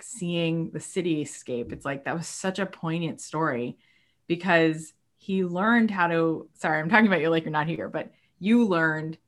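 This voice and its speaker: A woman talking as a guest on a podcast, animated and emotional, acting out quoted voices as she speaks. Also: low-pitched. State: moved to tears at times. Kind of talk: casual podcast conversation.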